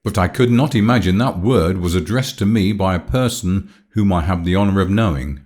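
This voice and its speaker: A man's voice: low-pitched, fairly quick, darkish tone, close to an everyday voice. A man voicing an anxious, devoted young woman in an audiobook, speaking with raised, emotional pleading. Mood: sad, guarded. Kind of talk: audiobook character voice.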